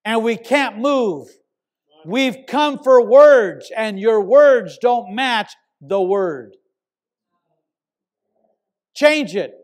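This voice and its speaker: A preacher doing a stern male angel, loud, slow and solemn. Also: very high voice, lively intonation, full character voice. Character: commanding male angel messenger.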